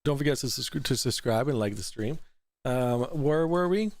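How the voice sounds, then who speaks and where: A man's voice: mid-range voice, expressive, moderate pace, darkish tone. A man hosting a casual livestream, reading out super chats in a loose, rambling way, swearing freely and laughing often. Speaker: livestream talk show host.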